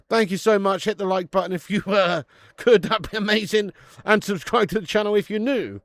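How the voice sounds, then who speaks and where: A man's voice: high-pitched, brisk, fairly bright tone, no room sound, clean studio sound. A man hosting a live football watch-along, swearing freely and laughing as he reads out viewer messages.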